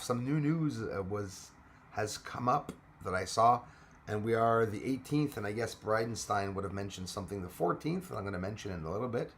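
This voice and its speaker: A man with a lowish but fairly bright voice hosts a casual livestream. He greets commenters by name, laughs a lot and chats loosely with his viewers.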